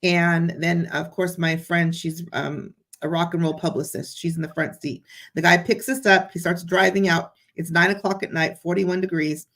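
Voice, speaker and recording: A woman chatting as a guest, telling a story in an excited, animated way. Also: on the low side, normal speed, hardly any pauses. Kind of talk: casual chat.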